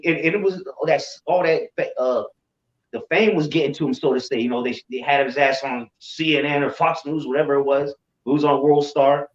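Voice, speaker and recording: Animated storyteller man in a roomy echo. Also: on the high side, fairly quick. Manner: animated, repeats himself, swears. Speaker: religious group member. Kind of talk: casual storytelling. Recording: roomy, distant, dull sound.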